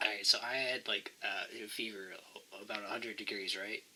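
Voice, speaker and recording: A man's voice: fairly low pitch, fairly even intonation, brisk, sharp tone, slight background noise, low-quality recording. A man hosting a casual late-night chat, rambling through anecdotes with crude jokes while groggy from cold medicine. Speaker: podcast host.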